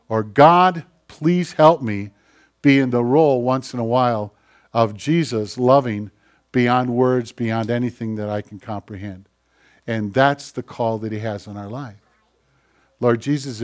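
A man preaching a sermon in a conversational way, putting questions to the congregation and swinging from loud exclamations to hushed, quiet lines. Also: medium pitch. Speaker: pastor.

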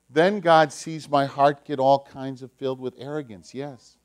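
A pastor telling a story to children during a sermon, in an animated, emphatic way. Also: male voice, medium pitch, measured pace.

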